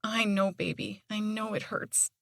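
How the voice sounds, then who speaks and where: A woman's voice: medium pitch, flat delivery, very slow, creaky, a bit bright, no room sound, studio quality, exaggerated voice. A woman voicing a young woman in an audiobook, who speaks soothingly and firmly to her injured dog. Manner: soothing and coaxing with a hurt pet; firm commands to the dog. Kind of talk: audiobook character dialogue.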